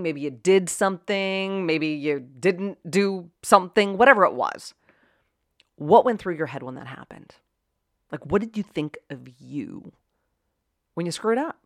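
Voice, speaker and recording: This is a middle-aged woman with a faint Pittsburgh accent hosting her own podcast. Her voice sits low, and she talks in a chatty, animated stream with plenty of asides. The sound is dry and close, with no room around it. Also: dry recording. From Pittsburgh, USA. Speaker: podcast host. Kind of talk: solo podcast monologue.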